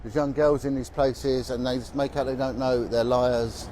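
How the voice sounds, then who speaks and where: A man's voice: mid-range voice, level tone, normal speed, dark tone, slight background noise. A man who is a former police officer, telling stories bluntly and with emphasis as he walks down a city street. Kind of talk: walking vlog monologue.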